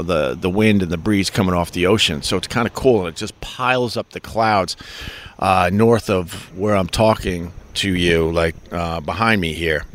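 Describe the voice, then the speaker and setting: A man's voice: fairly low pitch, a bit bright. A middle-aged man with a Long Island accent hosting a live stream, chatting casually in a rambling, joking, profane way. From Long Island, New York.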